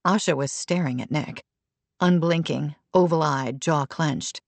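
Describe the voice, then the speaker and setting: A woman reading a novel aloud in steady, even scripted narration at a close mic. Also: low voice, measured pace, vocal fry, dry recording. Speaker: audiobook narrator.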